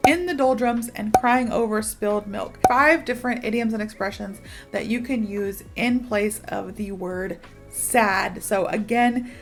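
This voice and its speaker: A young woman teaching English in a chatty, upbeat way with playful asides. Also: on the high side. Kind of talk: casual online English lesson.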